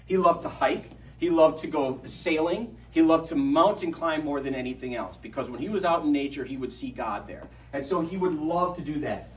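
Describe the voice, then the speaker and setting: A middle-aged man giving a lively, joking parish talk to an audience, telling stories as he goes. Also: a little high. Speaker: adult formation speaker. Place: parish hall. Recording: echoey hall from far off.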